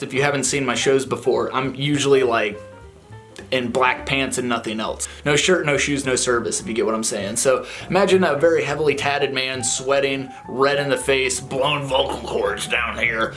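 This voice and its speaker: A man's voice: mid-range voice, moderate pace. A man who sings and plays guitar in a touring band, telling a story to camera in casual, slangy talk and laughing as he goes. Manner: animated, laid-back slang, laughs while telling.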